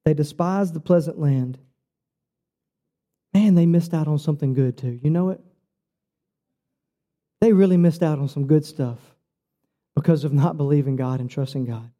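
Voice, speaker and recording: A man's voice: normal speed, pauses often. A man preaching a sermon, telling his own story earnestly and personally. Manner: earnest, personal storytelling with lively shifts in pitch.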